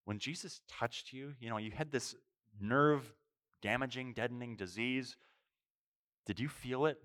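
A man's voice: mid-range voice, a little slow, a bit bright. A man preaching a sermon, reflective, asking rhetorical questions and stressing single words. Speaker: pastor.

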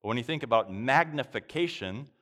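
A man preaching a sermon in an animated, emphatic way, with quick asides and bursts of loud exclamation. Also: mid-range voice.

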